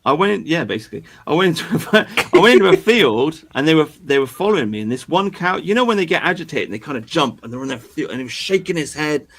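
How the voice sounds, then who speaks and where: A man's voice: on the high side, sing-song, quick pace, hardly any pauses, fairly bright tone, a little hiss or hum. A young man co-hosting a stream, chatting casually, rambling, repeating himself and swearing a lot. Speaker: stream co-host. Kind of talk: casual chat.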